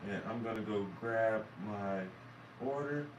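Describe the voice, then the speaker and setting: A man's voice: on the low side, a little slow, roomy sound, far from the mic, noisy background. A man from South Carolina with a Southern accent, rambling and swearing as he talks casually to his viewers. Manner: rambling, profane, self-amused. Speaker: vlogger and musician. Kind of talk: casual talk to camera.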